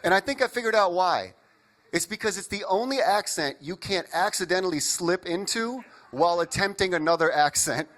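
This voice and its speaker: A young man from Indiana performing an animated stand-up comedy set, riffing with the crowd. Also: high voice, moderate pace. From Indiana, USA.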